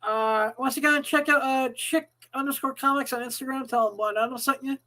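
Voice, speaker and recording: High-voiced woman chatting loosely. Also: fairly even intonation, brisk, pushed and bright, rough recording. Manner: chatty, stumbling restarts, swears casually. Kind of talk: casual live chat show.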